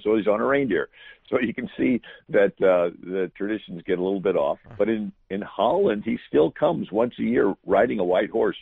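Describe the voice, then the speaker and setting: Deep husky man on a phone line. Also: no echo. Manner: fluent, explanatory, many fillers. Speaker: guest historian. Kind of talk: storytelling interview answer.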